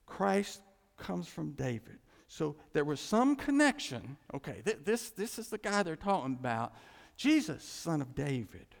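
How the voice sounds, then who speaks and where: Gravelly preacher in a reverberant hall. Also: male voice, on the high side, unhurried. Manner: animated preaching, swings from loud cries to quiet asides. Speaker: pastor. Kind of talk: sermon. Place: church.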